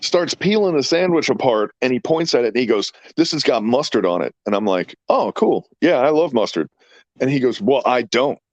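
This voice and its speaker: A man's voice: medium pitch, brisk, hardly any pauses, dry recording, lo-fi sound. A man in his fifties, a podcast host telling rambling, profane stories in casual chat. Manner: rambling, profane, animated storyteller.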